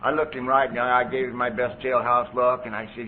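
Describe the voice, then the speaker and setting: Speaking quickly, with a medium pitch that barely moves, a man recounts his own recovery at a meeting. He keeps it conversational with frequent "you know"s, captured on tinny, phone-like tape with a faint hiss.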